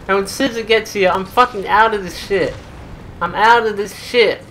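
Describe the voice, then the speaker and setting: A woman doing gameplay commentary, swearing constantly and swinging between furious yelling and low muttering. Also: normal speed. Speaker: gamer playing a shooter. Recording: loud game noise behind the voice. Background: game gunfire and ambience.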